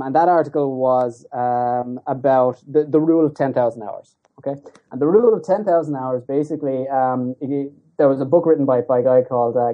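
A man speaking as a podcast guest, talking casually and hesitantly with many pauses and restarts. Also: mid-range voice. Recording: dull lo-fi sound.

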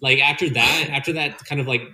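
Male podcast co-host, bright edgy tone, emphatic profane chat, roomy echo. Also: mid-range voice, fairly even intonation, quick pace. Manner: emphatic and profane, says bro. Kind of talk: casual chat. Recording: echoey room.

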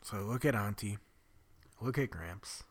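A man telling a personal story in a candid, confessional way, often dropping to a breathy near-whisper and swearing bluntly. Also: on the low side, lively intonation, moderate pace. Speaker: vlogger telling his own story.

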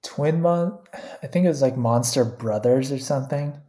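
Laid-back co-host, casual chat, mellow dark tone, soft laughs. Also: mid-range voice, normal speed. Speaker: podcast co-host. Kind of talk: casual anime episode discussion.

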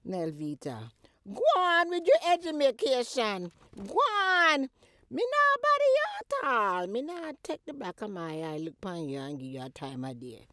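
A woman playing a mother in a comedy skit who scolds and teases her daughter in a loud Jamaican accent, with a lively voice. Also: a little high, unhurried, no echo, clean studio sound, heavily acted. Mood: scolding.

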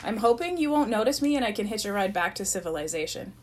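A woman reading the part of a sullen teenage boy at summer camp, with dry, deadpan delivery. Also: medium pitch, quick pace, natural voice. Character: glum sardonic teenage boy camper.

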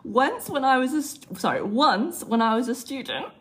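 Brief: woman, podcast co-host, bubbly storyteller, slightly high voice, very animated. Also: normal speed, noisy background. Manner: giggly storyteller, laughing through her stories. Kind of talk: casual chat.

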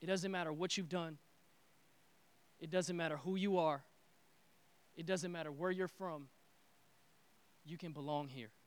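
A man preaching a sermon with energetic, repetitive call-and-response phrasing. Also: a little high, moderate pace, long pauses, clean tone. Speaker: pastor.

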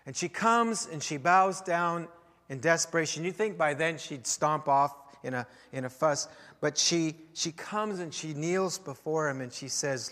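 A man preaching a sermon as pastor, telling a story with wry humor and swings in loudness. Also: on the high side, animated, a little slow. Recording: long hall reverb.

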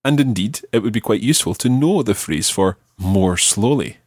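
Patient male language teacher, lively and husky. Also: mid-range voice, dry recording, studio quality. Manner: patient, slows down to spell out phrases. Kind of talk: podcast language lesson.

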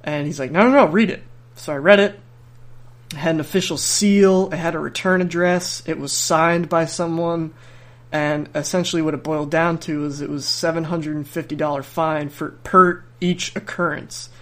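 A man's voice: on the high side, steady tone, moderate pace, a bit bright. Young man telling a rambling story. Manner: rambling, restarts often, laughs through his story. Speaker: podcast host. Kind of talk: casual storytelling.

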